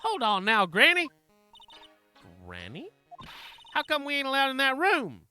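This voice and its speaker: A man's voice: very high-pitched, unhurried, faint music behind, pitched above the performer's own voice, heavily acted. A man voicing a brash, folksy Southern woman photographer in a video game, with an American Southern accent. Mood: indignant. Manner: loud, folksy, excitable.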